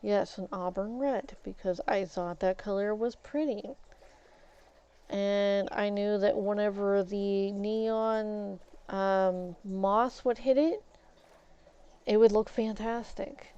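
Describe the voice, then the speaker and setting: A woman streamer talks her way through a game in an unhurried, rambling way, frank and quick to curse mildly. Her voice is mellow and smooth, and the stream audio sounds a bit dull and lo-fi. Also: medium pitch, steady tone. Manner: rambling and candid, with mild swearing. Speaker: gaming streamer. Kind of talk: casual chat while playing a game.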